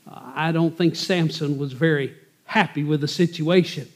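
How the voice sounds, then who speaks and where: A man's voice: a little high, steady tone, normal speed. A man teaching a Bible passage verse by verse, talking conversationally with frequent filler words. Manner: conversational, explains each verse in plain terms with frequent "uh" fillers.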